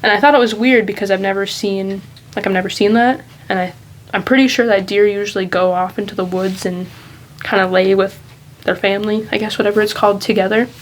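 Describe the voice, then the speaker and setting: A woman's voice: medium pitch, steady tone, fairly quick, few pauses, poor audio. A woman vlogger talking casually and candidly in a rambling, reflective monologue.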